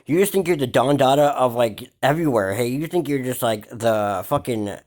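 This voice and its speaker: A man hosts his own gossip vlog in a loose, mocking rant. He leans on slang, swearing and fillers as he talks straight to the camera about hip-hop drama. His voice sits at an ordinary middle pitch. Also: normal speed, darkish tone. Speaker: vlog host.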